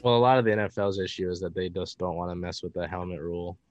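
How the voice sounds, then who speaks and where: A young man hosting a casual sports podcast, running through news items quickly with frequent fillers. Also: deep voice, darkish tone, no echo, highs cut off.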